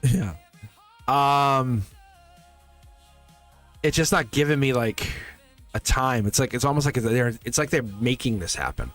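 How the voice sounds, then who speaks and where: A man's voice: medium pitch, lively intonation, measured pace, long pauses, fairly bright tone, faint music behind. Rambling, encouraging man reading tarot live. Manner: loose, rambling, encouraging, often checking in with "right?". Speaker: tarot reader and channel host.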